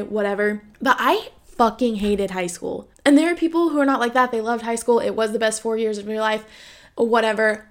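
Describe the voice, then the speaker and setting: A woman in her twenties hosting a podcast, talking frankly about her own life, with many "like" fillers and free swearing. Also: on the high side. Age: 20s. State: has the hiccups. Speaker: podcast host. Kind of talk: candid personal monologue.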